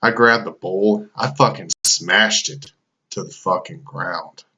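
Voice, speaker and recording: A man's voice: deep voice, slow, sharp tone. A man telling a casual anecdote, loose and full of swearing and fillers. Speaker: storyteller.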